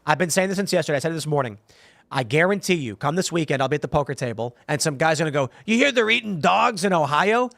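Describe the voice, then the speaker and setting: Animated male podcast host, dry studio. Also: fairly high pitch, rapid-fire, dry recording. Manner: animated storytelling with acted-out quotes. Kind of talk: casual chat, reading viewer comments.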